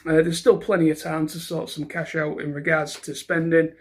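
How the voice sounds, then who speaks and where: A man's voice: on the high side, little pitch movement, moderate pace. A man chatting casually to camera in a vlog, rambling with lots of restarts and fillers. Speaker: vlogger.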